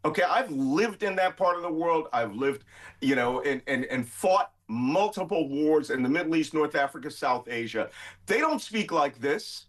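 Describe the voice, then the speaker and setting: A man's voice: fairly high pitch, expressive, moderate pace. A middle-aged man, a guest commentator arguing emphatically in a heated debate. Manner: emphatic, forceful.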